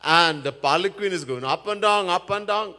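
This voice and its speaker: A man's voice: high voice, normal speed, sharp tone. A man preaching as a swami, telling a scripture story earnestly and chanting verses, recorded in a Hindu temple. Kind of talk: sermon storytelling. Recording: echoey temple hall.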